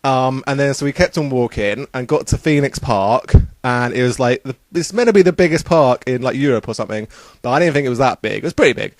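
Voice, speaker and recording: A man's voice: mid-range voice, lively intonation, a little fast, no echo. A young man casually recounting a trip in a rambling, upbeat way, full of fillers. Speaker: vlogger. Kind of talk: casual travel vlog.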